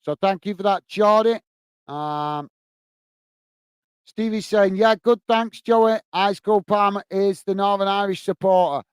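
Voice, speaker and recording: A man hosting a casual live stream, reading out viewers' chat messages and thanking each by name, calling everyone mate and filling pauses with uhs. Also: sits high, clean tone, no room sound. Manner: friendly, calls everyone mate, many filler uhs.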